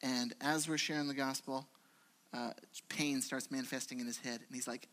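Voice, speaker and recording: A pastor preaches a conversational sermon in church, fairly quick and at medium pitch. He keeps it animated, telling stories and acting out quotes along the way.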